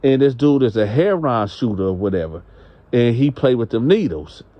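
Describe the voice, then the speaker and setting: A man's voice: medium pitch, lively intonation, normal speed, no echo, highs cut off. A man telling a story in a casual, rambling, conversational way. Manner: rambling, conversational, unsure on details. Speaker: channel host.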